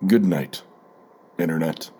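A man's voice: extremely low pitch, slow, warm tone, breathy edge. A man hosting a solo podcast, rambling through a sardonic, profane story with many fillers, a bit stuffed up from a cold. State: stuffy, keeps blowing his nose. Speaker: podcast host.

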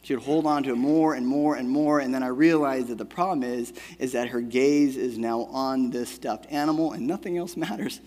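A man's voice: medium pitch, moderate pace, hardly any pauses, a little mellow. A man in his thirties preaching a sermon in a casual, conversational way, often checking in with "right?" and telling a family story. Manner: conversational, keeps asking "right?". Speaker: pastor. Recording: long hall reverb.

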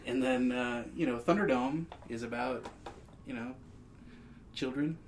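A man co-hosting a podcast in casual chat, telling things in a relaxed, chatty way. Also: mid-range voice, unhurried, a little hiss or hum. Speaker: podcast co-host.

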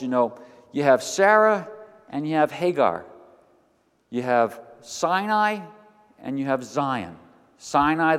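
An older man preaching a sermon as pastor, animated, moving between quiet asides and loud emphatic lines. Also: mid-range voice. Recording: long hall reverb.

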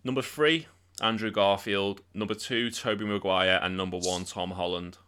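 A man's voice: low voice, fairly even intonation, moderate pace, a crowd in the background. A young man co-hosting a casual podcast chat, upbeat and leading the questions. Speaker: podcast co-host.

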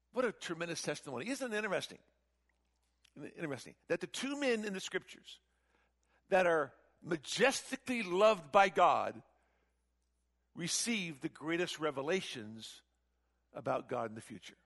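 A man preaching a sermon, animated and emphatic, with frequent rhetorical questions. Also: sits high, moderate pace.

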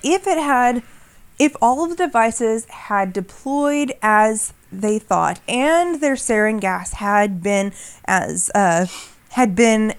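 A woman's voice: on the high side, expressive, slow, clean tone. A woman co-hosting a podcast, explaining in casual chat with many restarts and fillers. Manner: rambling, frequent restarts and fillers. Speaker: podcast co-host.

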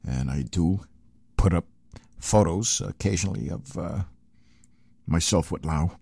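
A man's voice: low-pitched, measured pace, gravelly, breathy edge, no room sound. An older man hosting an oldies radio show, talking casually and loosely between records in a studio, with many fillers. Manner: lively, rambling, filler-heavy.

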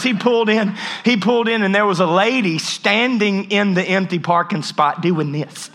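A man's voice: sits high, moderate pace, few pauses, fairly bright tone. A man in his thirties preaching a humorous sermon, telling a story with jokey asides and frequent restarts. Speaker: pastor.

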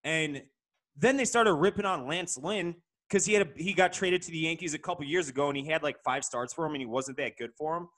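A man's voice: on the high side, fairly quick, a bit bright. A man co-hosting a podcast who rants with strong opinions and casual swearing. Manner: opinionated, ranting, profane. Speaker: podcast co-host.

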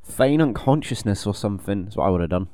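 A man bantering on a podcast, dropping jokey quips. His voice is fairly low. The sound is dry and close. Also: animated, dark tone, clean tone, no room sound. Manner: joking, quick quips. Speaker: podcast co-host. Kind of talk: casual banter.

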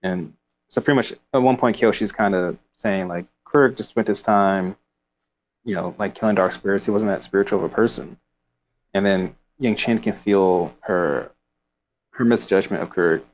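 A man's voice: low voice, normal speed. A man casually discussing a book, reading passages aloud and rambling with laughs. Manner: rambling, with frequent fillers and laughs.

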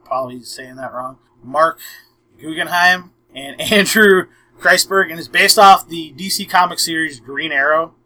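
This young man hosts a laid-back podcast, narrating a long story and voicing the quotes with frequent "I'm like" in an animated manner. The voice is a little high and a little slow, captured on a rough recording.

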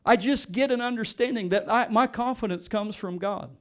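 A middle-aged man preaches with a notably high voice, earnest and animated. He stumbles and repeats words as he goes, restarting his sentences while he delivers a sermon. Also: moderate pace. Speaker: pastor.

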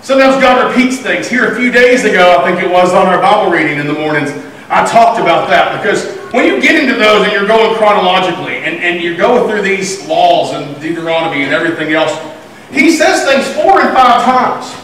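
High-voiced pastor preaching in an echoey hall. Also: male voice, a little fast, a little hiss or hum. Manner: animated storytelling, acting out voices. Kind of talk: sermon. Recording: echoey room from far off.

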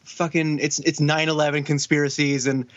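A man's voice: on the high side, little pitch movement, normal speed. A young man co-hosting a podcast, telling stories in casual chat with frequent profanity and incredulity. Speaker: podcast co-host. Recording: dull lo-fi podcast audio.

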